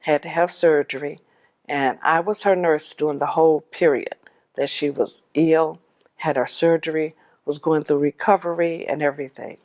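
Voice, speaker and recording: Low-voiced woman telling her story. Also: steady tone, moderate pace, a little mellow. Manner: heartfelt, vivid, replays conversations in dialogue. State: tearful at moments. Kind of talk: personal storytelling to camera.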